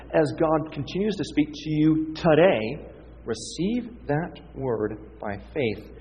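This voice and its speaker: A man's voice: a little high, a little hiss or hum. A man preaching a teaching sermon, reading scripture aloud with emphasis. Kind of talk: expository sermon. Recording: dull, reverberant hall sound.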